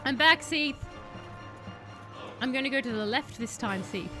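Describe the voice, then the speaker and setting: Woman, high-pitched, live-stream gameplay chat, loud game music. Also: a little slow. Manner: chatty, talks to the game boss, bursts into excited yelling. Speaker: streamer playing a video game. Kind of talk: casual live-stream commentary.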